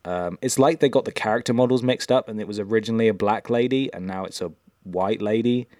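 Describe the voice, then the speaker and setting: A man co-hosts a podcast in loose, casual chat, rambling and hesitating with plenty of ums and uhs. His voice sits on the low side, a bit mellow, and he talks quickly. The audio is clean studio sound with no room echo.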